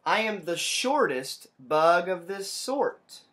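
A man voicing a proud short bug in a storybook reading, slow, higher and emphatic. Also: big pitch swings, fairly bright tone, heavily acted.

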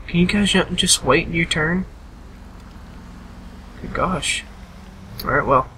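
A tired man narrating his gameplay in a loose, chatty way, ordering the game characters around as he goes. His voice sits a little high for a man and sounds bright and sharp. A faint hiss runs underneath. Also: takes it slowly, pauses often. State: tired, yawning. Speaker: gameplay commentator. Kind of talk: casual gameplay commentary.

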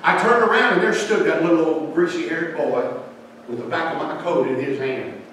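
A man preaching in a big church, his bright, forceful voice ringing out with long reverb from a distant mic. He tells his story folksy and loud, then drops to a hush, over a faint hiss. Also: a little high, moderate pace. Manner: folksy storyteller, dropping to soft quotes and rising to loud pleas. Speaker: revival preacher. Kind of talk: storytelling sermon. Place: church sanctuary.

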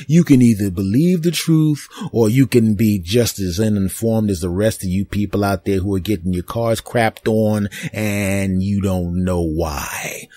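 A man hosting a podcast, telling an animated, rambling comic story with deadpan asides. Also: lowish voice, unhurried. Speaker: podcast host. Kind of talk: comedic storytelling monologue.

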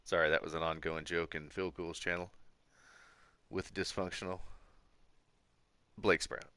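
A man with a low, bright-edged voice chats casually through a game stream. He jokes and laughs as he plays, and his voice is recorded dry and close at home. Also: little pitch movement, normal speed, clear, resonant tone, no echo. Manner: joking, chatty, laughs often. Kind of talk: casual live-stream chat. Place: home room.

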